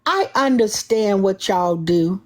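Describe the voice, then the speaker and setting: A woman with a medium-pitched, expressive, slightly mellow voice speaks at a slow pace. She hosts a live-streamed call-in show, taking callers with sassy, confrontational emphasis. She often repeats herself, restarts sentences, and refers to herself in the third person.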